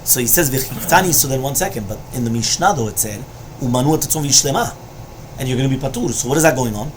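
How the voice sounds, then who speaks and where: A man's voice: medium pitch, fast talker, a little hiss or hum. A man teaching a Talmud lesson who explains each line and keeps checking with "right?" and "you understand?". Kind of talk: Talmud study lecture.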